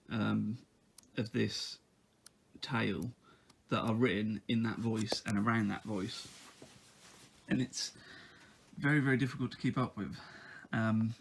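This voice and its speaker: A man's voice: lowish voice, gravelly, a little hiss or hum. A man giving a casual book review, talking in a hesitant way with lots of ums and uhs.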